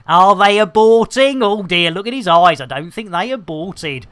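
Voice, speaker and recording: A woman's voice: medium pitch, lively intonation, moderate pace, hardly any pauses. A woman streaming a space game live, rambling through bawdy jokes and banter. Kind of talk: casual live gameplay commentary.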